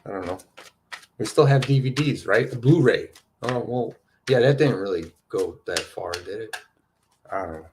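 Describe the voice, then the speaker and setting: A man hosting a spiritual card-reading show, talking in a loose, rambling way that is full of "you know" and "right?", and getting excited as he goes. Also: fairly low pitch, normal speed, slight background noise. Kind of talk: rambling casual chat.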